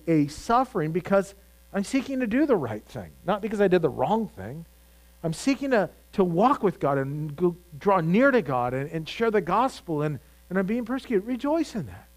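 Conversational preaching man, slightly high voice. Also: darkish tone, poor audio. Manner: conversational preaching with many restarts and rising emphasis. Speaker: pastor. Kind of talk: sermon.

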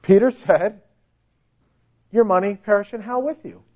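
Male preacher, very high pitch, emphatic rhetorical delivery, dull lo-fi recording. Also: unhurried. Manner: emphatic, rhetorical questions, pitch swings widely. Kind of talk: sermon.

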